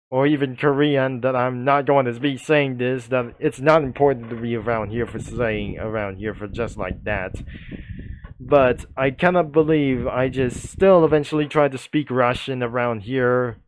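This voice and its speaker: A man tells a comic story slowly, circling back over the same points and repeating himself. His voice sits in a middle pitch and is recorded dry and close, with no room sound. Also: no echo. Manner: rambling and repetitive.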